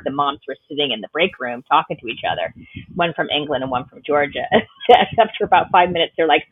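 A woman's voice: low voice, slightly rough, no echo. A woman from Boston hosting a casual podcast interview, friendly and laughing often between her remarks. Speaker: podcast host. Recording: tinny phone-line sound.

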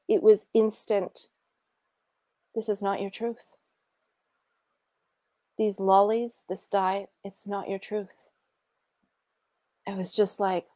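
A middle-aged Australian woman recounts a personal healing story with animated, emotional expression, now and then sinking into a near whisper. Her voice is mellow and soft-toned. The sound is close and dry, with no room around it. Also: medium pitch, no room sound. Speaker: guest sharing a healing story.

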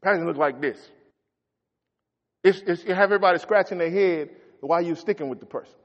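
A middle-aged man preaching a folksy sermon as a pastor, swinging between shouts and quiet asides. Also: high-pitched, brisk. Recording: echoey hall, dull lo-fi sound.

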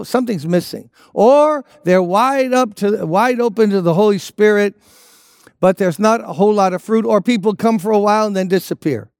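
A man's voice: high-pitched, clean tone, no room sound, clean studio sound. A man preaching a sermon as a pastor, emphatic and repeating his key phrases.

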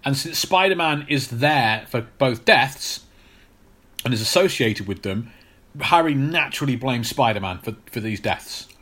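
Podcast co-host, man, bright voice, halting explanatory delivery. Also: medium pitch, lively intonation. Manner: explanatory, hesitant with many fillers and restarts. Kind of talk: casual chat.

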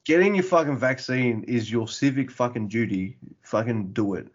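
A man's voice: medium pitch, moderate pace. A man co-hosting a podcast in casual chat, talking bluntly with heavy profanity. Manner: blunt, heavily profane ranting. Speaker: podcast co-host. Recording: dull lo-fi audio.

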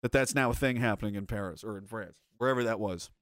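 A man's voice: fairly low pitch, quick pace, no echo, clean studio sound. A man giving casual, rambling commentary as a streamer, swearing freely, chuckling often and restarting his sentences. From North America. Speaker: streamer reading chat.

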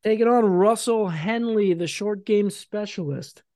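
A woman's voice: medium pitch, measured pace, mellow, no echo. Woman, podcast host, playful announcer-style build-ups, casual bracket game, dry close sound. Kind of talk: casual chat, running a sports bracket game.

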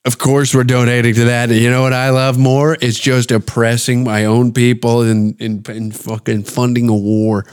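A man's voice: medium pitch, level tone, moderate pace, few pauses, darkish tone, clear, resonant tone. A man hosting a podcast, giving crude, profane reaction commentary and mocking what he watches, often laughing. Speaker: podcast host.

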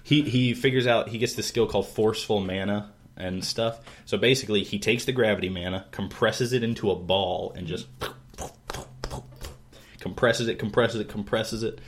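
Man, lower register, casual podcast storyteller; animated, laughs easily, does voices for characters. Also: moderate pace. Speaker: podcast co-host retelling a novel. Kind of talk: casual chat.

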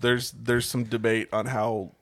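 Profane laid-back dad telling stories. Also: male voice, medium pitch, little pitch movement, unhurried, fairly bright tone. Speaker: podcast co-host. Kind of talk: casual chat.

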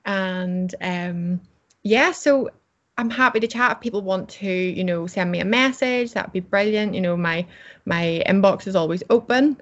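A woman's voice: mid-range voice, normal speed. Chatty cheerful woman guest. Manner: cheerful, chatty, laughs often. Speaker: interview guest, coach. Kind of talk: casual interview chat. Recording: slightly dull audio.

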